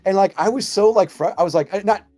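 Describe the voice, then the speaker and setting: A man from Southern California with a Californian accent, telling animated stories full of fillers as a guest in a casual chat. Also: sits high, fast, soft background music.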